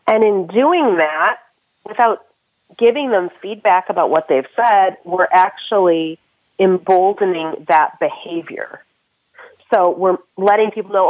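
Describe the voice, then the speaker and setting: A woman's voice: medium pitch, measured pace, no echo. A woman guest on a podcast interview, giving earnest career advice step by step. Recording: tinny phone-line audio, dry.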